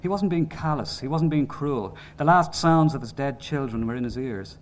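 A man reading a novel aloud in measured, sombre narration. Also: mid-range voice, a little hiss or hum. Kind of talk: audiobook narration.

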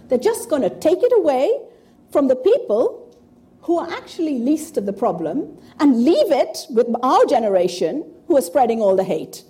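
Speaking to an audience in an informal talk, this woman in her fifties has a warm voice pitched fairly high. Her style is blunt, sarcastic, and full of profanity.

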